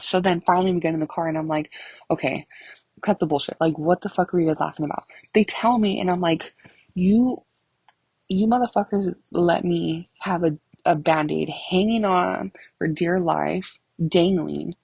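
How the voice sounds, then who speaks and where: Husky gravelly-voiced young woman rambling. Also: fairly low pitch, steady tone, normal speed, a little mellow, dry recording, poor audio. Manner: profane, rambling, laughs a lot. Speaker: vlogger. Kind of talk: casual storytelling.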